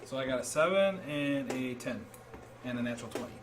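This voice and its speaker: A man's voice: mid-range voice, expressive, brisk. A man playing a tabletop game, casually asking about dice rolls. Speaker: player. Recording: distant mic, noisy room.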